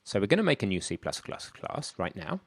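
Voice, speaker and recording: A man with a fairly low voice talks through a coding tutorial in a chatty way, thinking aloud as he works. The sound is dry and close, with no room around it. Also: big pitch swings, fairly quick, gravelly, no echo. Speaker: programming instructor. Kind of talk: screen-recorded coding tutorial.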